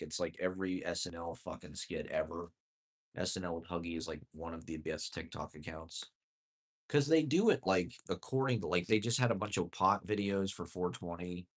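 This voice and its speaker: A man rambling through a profane, self-deprecating comedic monologue with sardonic chuckles. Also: low-pitched. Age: adult.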